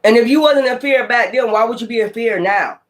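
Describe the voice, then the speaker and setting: Animated, profane tarot reader. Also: medium pitch, a little fast. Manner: animated, profane, calls listener child. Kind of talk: casual tarot reading.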